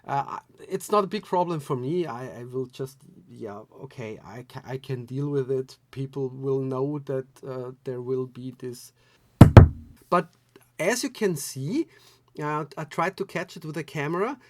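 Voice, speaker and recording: A man's voice: mid-range voice, unhurried, very noisy. Man rambling through a review. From Austria. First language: German. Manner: rambling, hesitant, with many restarts and fillers. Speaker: gear reviewer. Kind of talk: casual product review vlog.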